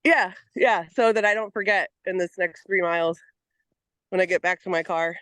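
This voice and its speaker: A participant on a group call talking while out walking, out of breath, playful and quick to laugh. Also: medium pitch, a bit bright, no room sound. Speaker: panel participant. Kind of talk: casual group video-call chat.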